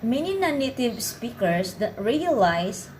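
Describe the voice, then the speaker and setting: Slow, carefully enunciating woman teacher. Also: fairly high pitch, sing-song, darkish tone, slight background noise, rough recording. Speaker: pronunciation teacher. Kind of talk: scripted instructional narration.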